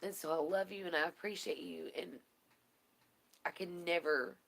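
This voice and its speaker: This emotional, casual video message comes from a vlogger whose fairly low voice is creaky yet fairly bright, steady in tone, and at normal speed. Tearful and rambling with plenty of fillers, she sounds near crying.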